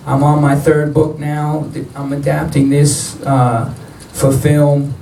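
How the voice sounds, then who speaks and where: A man's voice: a little high, little pitch movement, takes it slowly, creaky, mellow, slight background noise. A man telling blunt, profane stories in a live spoken word performance on stage. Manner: blunt, profane street storytelling. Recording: roomy, distant live-venue recording.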